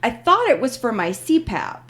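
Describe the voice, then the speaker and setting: A woman's voice: on the high side, moderate pace. A woman hosting a podcast in casual chat, telling a story with animation and acting out the people she quotes. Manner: animated storyteller, acts out quoted phone reps. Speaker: podcast host.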